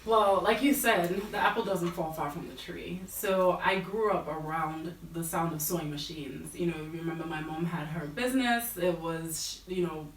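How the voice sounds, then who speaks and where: A woman's voice: lowish voice, normal speed, few pauses, slight background noise. A woman in her thirties with an American accent, a guest telling her career story in a casual, chatty way full of fillers. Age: 30s. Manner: chatty, many fillers like "like" and "you know". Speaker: guest fashion buyer. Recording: roomy and distant.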